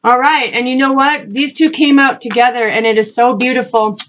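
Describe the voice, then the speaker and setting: A woman reading spiritual messages, earnest and repetitive, speaking encouragingly and asking spirit questions out loud. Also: a little high, fairly even intonation, moderate pace, highs cut off, a little hiss or hum. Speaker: spiritual reader and channel host. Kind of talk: casual spiritual card-reading talk.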